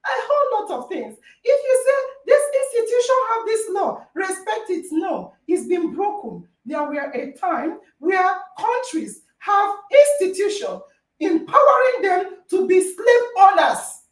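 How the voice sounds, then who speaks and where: A woman's voice: extremely high pitch, very animated, slow. A woman hosting a podcast debate, arguing emphatically and repeating phrases for stress, recorded in an echoey room on a distant mic. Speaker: podcast host. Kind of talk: heated debate moderation.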